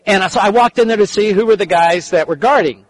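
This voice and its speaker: An older man preaching a sermon and telling a story, earnest, often repeating and restarting his phrases, dropping soft and quiet in the tender parts. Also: high voice, quick pace, poor audio. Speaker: preacher and counselor.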